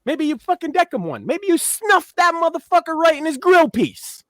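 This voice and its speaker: High, lively, profane man co-hosting. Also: moderate pace, dry recording, clean studio sound. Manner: profane, blunt, emphatic. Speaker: podcast co-host. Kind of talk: casual political chat.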